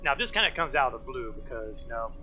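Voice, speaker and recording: A man's voice: medium pitch, animated, fast talker, bright, forceful tone, faint music behind, poor audio. A man casually commenting while playing a game on a live stream, chatty and self-mocking as he thinks aloud.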